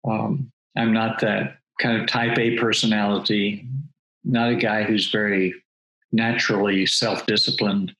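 An older man, a guest and former missionary, telling stories in a thoughtful, measured way. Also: fairly low pitch, level tone, a bit bright, poor audio. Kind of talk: reflective interview talk.

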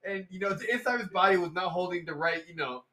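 A man's voice: high voice, quick pace, pushed and bright. A young man telling loose, slangy stories in a casual chat, laughing often.

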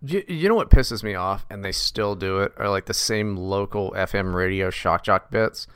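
A man's voice: on the low side, moderate pace, a bit bright, clean tone, dry recording, studio quality. A man co-hosting a podcast, talking bluntly and profanely, mocking and ranting in casual chat. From West Virginia. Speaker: podcast co-host.

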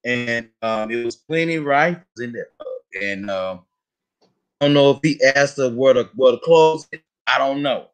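A man telling a funny story in a casual chat, animated and profane, acting out other people's voices. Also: mid-range voice, normal speed.

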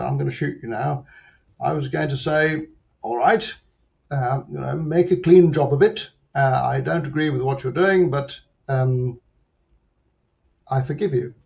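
A man telling a personal story as an interview guest, reflective and halting, with frequent restarts. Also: mid-range voice, gravelly, darkish tone. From Britain. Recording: muffled lo-fi sound.

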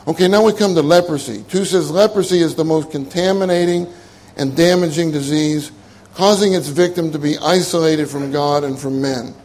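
A man's voice: a little high, moderate pace, a little mellow. Older man preaching a conversational sermon. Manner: conversational, repeats key phrases, laughs at his own jokes.

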